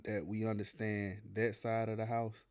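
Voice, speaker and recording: A man's voice: fairly low pitch, flat delivery, moderate pace, darkish tone, clean tone. A man co-hosting a podcast, talking in a laid-back, slangy way with lots of restarts. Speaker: podcast co-host, production company owner. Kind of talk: casual podcast chat. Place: Atlanta.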